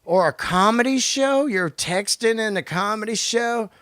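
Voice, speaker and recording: A male podcast host delivering a profane, animated comedic rant on his own. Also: high-pitched, a little slow, no echo, clean studio sound. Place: lives in Los Angeles.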